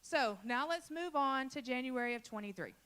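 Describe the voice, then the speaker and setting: A woman from Louisiana who leads a church children's ministry gives an earnest, emotional personal testimony, speaking straight to the congregation. Her high-pitched voice is expressive, clear, and resonant, with a sharp tone, at normal speed.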